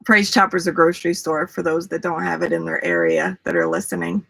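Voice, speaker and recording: A woman's voice: low voice, very animated, a little fast, creaky, a bit bright. A woman hosting a casual livestream, chatty, talking to viewers by name and laughing easily. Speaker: livestream host. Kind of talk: casual live chat with viewers.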